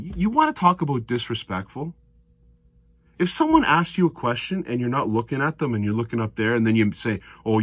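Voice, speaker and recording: Man, commentator. Husky voice, lively pitch, heated rant, dry close mic. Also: no echo. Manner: heated, ranting, swings from low mutters to loud outbursts. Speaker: darts commentator. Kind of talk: opinionated solo video commentary.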